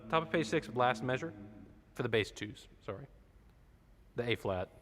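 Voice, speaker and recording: A man's voice: medium pitch, animated, moderate pace, noisy background. Man coaching a choir, singing examples. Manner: explains, then sings short demonstrations. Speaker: choir director. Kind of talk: choir rehearsal instruction. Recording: reverberant room with instrument behind.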